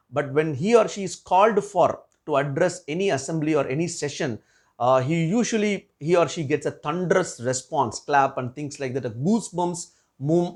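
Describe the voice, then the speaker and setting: A man career coach giving an earnest talk to parents, often repeating and restarting his phrases. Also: on the high side.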